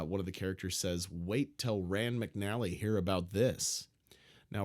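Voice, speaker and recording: Man, low voice, podcast co-host, casual chat, playful, detailed storytelling. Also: darkish tone.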